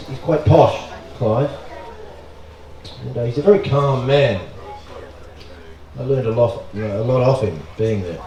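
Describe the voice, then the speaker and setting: A man's voice: mid-range voice, far from the mic. Australian man on an echoey stage. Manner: animated, swearing, joking. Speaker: festival stage speaker. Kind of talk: stage storytelling to a crowd. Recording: echoey stage from afar with crowd.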